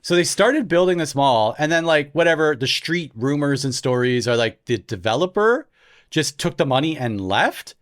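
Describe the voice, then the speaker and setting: A man's voice: fairly high pitch, normal speed. Man telling a story on a podcast. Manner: lively, laughs often while telling stories. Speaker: podcast host. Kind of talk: casual storytelling.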